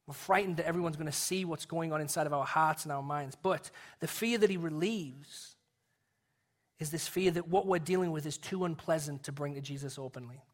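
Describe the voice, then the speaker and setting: A male pastor with young kids preaching a sermon, earnest and dropping to a soft hush to make a point. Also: fairly high pitch, brisk.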